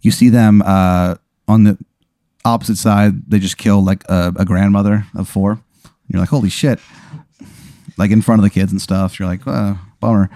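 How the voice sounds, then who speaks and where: A man's voice: low voice, level tone, moderate pace, dark tone, no room sound. A man running an improvised tabletop game as game master, narrating in a laid-back, rambling way with many fillers.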